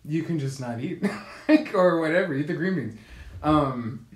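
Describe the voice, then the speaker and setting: A man's voice: fairly high pitch, lively intonation, unhurried, roomy sound. A man co-hosting a podcast, telling stories in casual chat with frequent swearing and laughs. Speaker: podcast co-host. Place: Korea.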